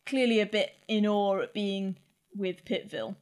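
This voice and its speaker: A woman's voice: medium pitch, normal speed, a little mellow. A woman narrating as game master in a tabletop game, casual and hesitant. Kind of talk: tabletop role-play narration.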